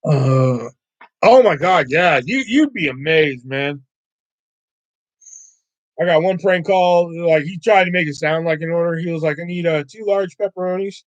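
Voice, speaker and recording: A man's voice: a little high, unhurried, pauses often, dry recording, lo-fi sound. A man on a livestream telling rambling, profane stories, often acting out callers. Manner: profane, rambling, quotes callers in shifting voices. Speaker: livestream host. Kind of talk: casual storytelling chat.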